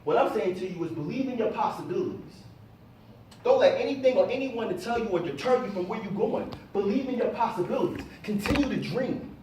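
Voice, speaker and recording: A middle-aged man giving an animated motivational talk to a live audience and calling on them to answer. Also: sits high, fairly quick, a little hiss or hum. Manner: animated, calls on the audience for responses. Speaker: motivational speaker. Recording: echoey room, voice from a distance.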